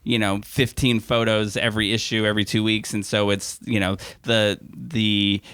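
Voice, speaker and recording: A man's voice: on the low side, level tone, moderate pace, fairly bright tone, clean tone, dry recording. A man co-hosting a podcast in casual chat, rambling with many fillers and laughing often. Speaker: podcast co-host.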